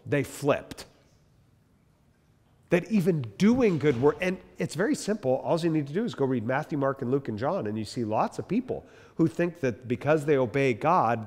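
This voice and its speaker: A man, a pastor, giving an emphatic, conversational church history lecture to a live group. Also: mid-range voice. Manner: animated, emphatic, conversational with the room. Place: church hall with long reverb. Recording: echoey hall reverb.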